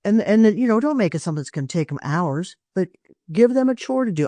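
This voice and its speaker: A woman's voice: lowish voice, sing-song, fast talker, mellow, dry recording. Earnest older woman giving parenting advice. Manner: earnest, emphatic advice-giving with frequent restarts. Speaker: parenting expert guest. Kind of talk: podcast interview.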